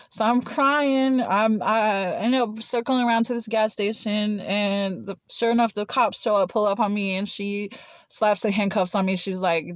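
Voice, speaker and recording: A woman's voice: mid-range voice, moderate pace, no echo. A young woman telling a personal story in casual chat, blunt and swearing freely, with lots of "like" fillers.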